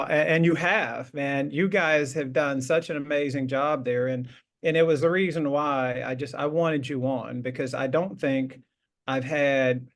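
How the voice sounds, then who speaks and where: A man hosting a casual interview, rambling with frequent restarts and laughter. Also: medium pitch. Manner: rambling, warm praise with many restarts and laughs. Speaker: show host.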